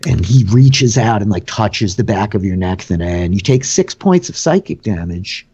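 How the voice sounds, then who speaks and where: A man narrates a tabletop game as game master, rambling casually with lots of "like." His voice is fairly low and husky. The recording sounds dull and lo-fi. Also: expressive, moderate pace, few pauses, mellow.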